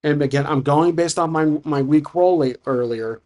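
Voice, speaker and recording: A man's voice: fairly high pitch, moderate pace, darkish tone. A man narrating a solo tabletop campaign as game master, thinking aloud with frequent restarts.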